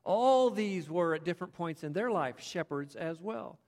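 A man preaching a sermon, telling the story with animated, conversational asides. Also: high-pitched, moderate pace. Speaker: pastor. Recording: long hall reverb.

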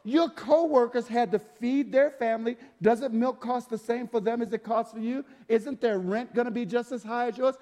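High-voiced preacher in an echoing hall. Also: male voice, normal speed, few pauses. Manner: animated storytelling, swings from loud to hushed. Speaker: pastor. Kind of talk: sermon. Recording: long echoing hall reverb.

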